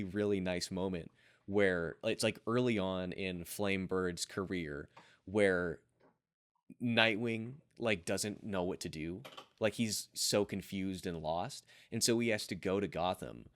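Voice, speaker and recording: A man hosting a casual podcast chat, rambling through his ideas with lots of "like" and restarts. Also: deep voice. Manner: rambling, many fillers and restarts. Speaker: podcast host.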